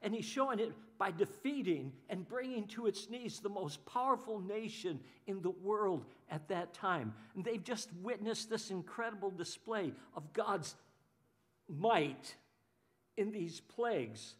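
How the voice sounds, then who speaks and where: A man preaching a sermon as pastor, animated, often voicing the people he talks about and repeating his words. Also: high voice, a little slow.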